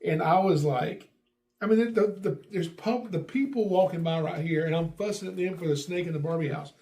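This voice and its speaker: A middle-aged man hosting a podcast, telling a family story in a lively way and acting out what people said. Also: fairly high pitch, a little fast. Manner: animated, acts out quotes with raised voice. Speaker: podcast host. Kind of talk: casual storytelling.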